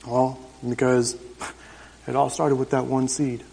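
A man's voice: medium pitch, level tone, a little slow, creaky, dark tone, slightly rough. A man in his thirties telling his personal testimony to a church congregation, in an emphatic, conversational storytelling way. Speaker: church member giving testimony. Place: church service. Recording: reverberant church hall.

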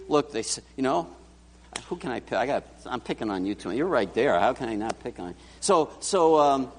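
A man's voice: on the high side, normal speed. A man preaching a sermon and often putting questions straight to his congregation. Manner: animated, talks directly to the congregation. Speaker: pastor. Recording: church hall reverb.

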